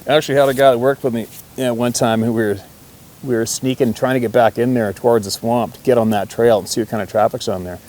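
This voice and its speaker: A man's voice: mid-range voice, steady tone, fast, darkish tone. A man telling a hunting story in a rambling, folksy way, swearing casually and chuckling often. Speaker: hunter.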